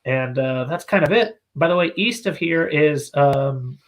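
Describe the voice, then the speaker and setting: Slightly high-voiced man joking crudely. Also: animated, a little slow. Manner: crude jokes, profane, rambling with fillers. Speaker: podcast co-host. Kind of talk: casual podcast chat.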